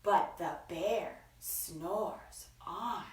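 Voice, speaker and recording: A woman hosting a children's story time, reading picture books aloud in an expressive sing-song way with gasps and acted voices. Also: on the low side, drawn-out words, background noise. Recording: echoey room, from far off.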